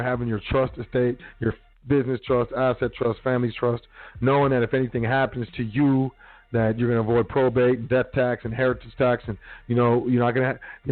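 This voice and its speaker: Blunt man on a tinny radio line. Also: medium pitch. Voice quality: profane, street slang, preachy. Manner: blunt, repetitive, lecturing. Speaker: radio talk show host. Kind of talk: casual solo radio talk. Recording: phone-quality radio line with faint music.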